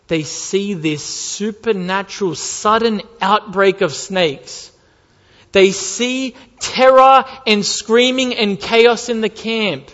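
A man's voice: sits high, a bit bright. A man preaching a sermon, emphatic, repeating key lines and asking rhetorical questions. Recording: dull lo-fi sound with long hall reverb.

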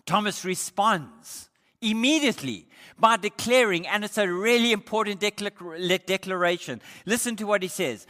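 A man preaching a sermon, emphatic, growing louder when he quotes scripture. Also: high-pitched, expressive, moderate pace. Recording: long hall reverb.

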